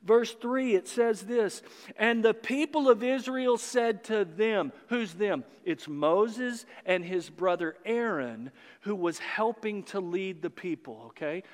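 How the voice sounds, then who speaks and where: A man with a notably high voice preaching a sermon, unhurried and deliberate. He reads scripture and teases his listeners with playful sarcasm. His voice rings with a long reverb, as in a large church sanctuary. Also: lively intonation. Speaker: pastor.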